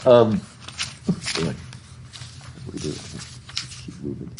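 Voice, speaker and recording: A man's voice: rumbling low, lively intonation, slow pace, vocal fry, noisy background. A man teaching a literature class in a casual lecture style, chatty, asking his students questions and restarting his sentences with repeated words. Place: classroom, recorded live. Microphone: through a face mask.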